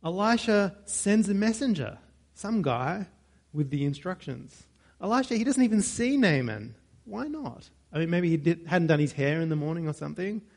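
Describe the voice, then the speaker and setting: A man's voice: high-pitched, animated, moderate pace. Joking man preaching a sermon. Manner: conversational, with joking asides and self-corrections.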